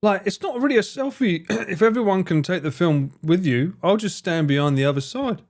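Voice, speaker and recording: A man's voice: high-pitched, lively intonation, a little fast. A man streamer giving casual reaction commentary, chatty, laughing and swearing.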